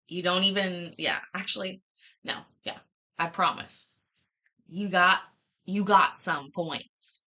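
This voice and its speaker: A woman's voice: fairly low pitch, takes it slowly, long pauses, bright, forceful tone, lo-fi sound. A woman hosting a livestream, chatting casually with viewers and reacting to a court hearing, laughing and swearing freely. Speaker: livestream host.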